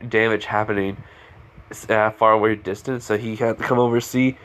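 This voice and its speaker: A man's voice: on the low side, steady tone, fairly quick, fairly bright tone, clean tone. A man casually improvising a fan story, rambling with lots of fillers and restarts.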